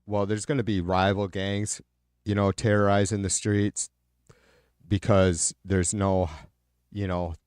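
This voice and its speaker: A man's voice: fairly low pitch, a little mellow, clear, resonant tone, dry recording, studio quality. Profane ranting man from Michigan. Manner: profane, angry ranting with frequent fillers and restarts. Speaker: livestream host. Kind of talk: casual livestream chat reading viewer comments.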